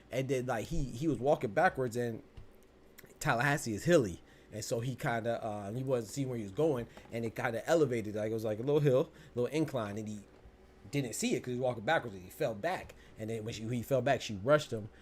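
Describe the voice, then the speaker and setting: A man in his thirties hosting a boxing podcast in loose, slangy chat. He tells long stories and breaks into laughter along the way. His voice sits in a middle range over a faint background hum. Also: mid-range voice. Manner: animated, laughs through his story, slangy. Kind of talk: casual storytelling and live chat.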